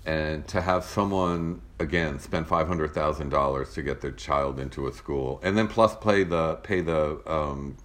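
A man's voice: extremely low pitch, measured pace, hardly any pauses. A man with a rich, broadcast-style voice co-hosting a podcast, telling stories earnestly in casual chat. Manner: earnest, storytelling. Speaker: podcast co-host.

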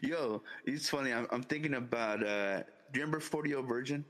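A man's voice: medium pitch, brisk, fairly bright tone, long reverb tail, rough recording. A man co-hosting a live podcast, rambling through stories with laughter and profanity. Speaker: podcast co-host. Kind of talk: casual live podcast chat.

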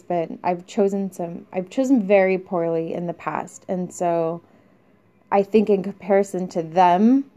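A woman's voice: mid-range voice, warm tone. A young woman hosting a podcast, talking candidly in a rambling, confessional way with fillers and small laughs. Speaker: podcast host. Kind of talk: casual confessional monologue. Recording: dull lo-fi sound.

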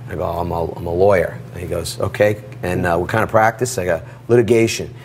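A middle-aged man telling a personal story in an interview, animated and acting out the dialogue. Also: deep voice, moderate pace, a little hiss or hum. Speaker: guest.

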